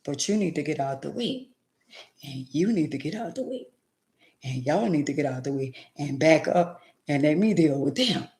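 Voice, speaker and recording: A woman's voice: deep voice, animated, moderate pace, darkish tone. A woman voicing God as a firm, protective fatherly deity who gives stern commands.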